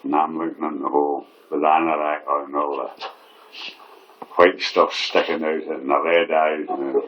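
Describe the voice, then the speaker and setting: A man's voice: rumbling low, little pitch movement, normal speed, dull audio. A middle-aged man telling a funny story, laughing often and swearing. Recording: echoey room, faint noise.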